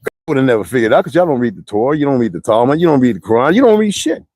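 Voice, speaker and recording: Rapid-fire and very animated, this American streamer has a medium-pitched, slightly mellow voice with no room sound. He rants to his viewers in a profane, slang-heavy monologue of rambling, blunt stories.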